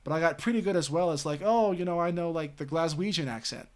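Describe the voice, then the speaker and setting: A man's voice: fairly high pitch, quick pace. A man streaming late at night, telling a story in a rambling, casual way with lots of fillers and swearing. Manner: rambling, heavy filler words and frequent swearing.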